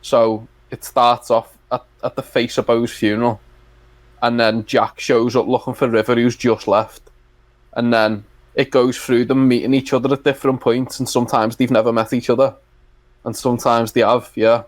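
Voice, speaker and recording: A man chatting as co-host of a fan podcast, spinning long rambling anecdotes. His voice sits at an ordinary middle pitch. The recording is dry and close, with no room sound. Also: level tone, normal speed, dry recording. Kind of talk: casual fan chat.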